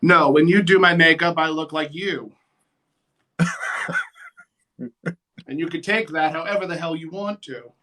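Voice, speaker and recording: A man's voice: fairly high pitch, unhurried, long pauses, pushed and bright. A man, a drag performer and guest, chatting casually while doing makeup, sassy and theatrical.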